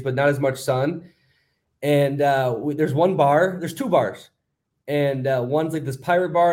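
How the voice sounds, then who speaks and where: Telling a long, meandering story on a podcast he co-hosts, this man uses many fillers and keeps it casual. His pitch is fairly high, and the tone is darkish.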